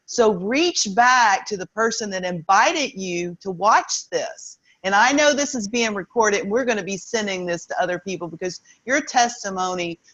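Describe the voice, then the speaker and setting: A woman's voice: medium pitch, expressive, moderate pace, few pauses, fairly bright tone. Effusive woman host, lo-fi sound. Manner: effusive, upbeat, talks of God. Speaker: event host. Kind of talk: enthusiastic hosting.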